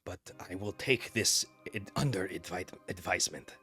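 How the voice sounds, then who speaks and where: A dry, unbothered dragonborn warrior drawls in a low, quiet monotone, as a man voices him. The voice sits deeper and softer than plain talk, as if turned away from the mic. Faint music plays behind the tabletop game. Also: normal speed. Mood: deadpan. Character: dry, laid-back male dragonborn warrior.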